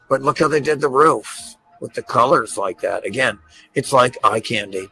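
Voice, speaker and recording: Gravelly man gushing with excitement. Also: medium pitch, moderate pace, faint music behind, rough recording. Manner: gushing, repeats himself, stammers. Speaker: host. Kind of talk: excited commentary over pictures.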